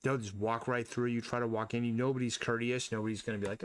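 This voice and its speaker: A man's voice: mid-range voice, flat delivery, fast, hardly any pauses, fairly bright tone. A man casually chatting on a live stream while he draws, blunt and rambling, often talking to himself about his work. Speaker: artist streaming a drawing session.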